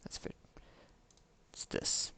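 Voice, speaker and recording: A man's voice: slow, bright, forceful tone, a little hiss or hum. A man streaming a game live, musing to himself in casual commentary and hunting for the right words.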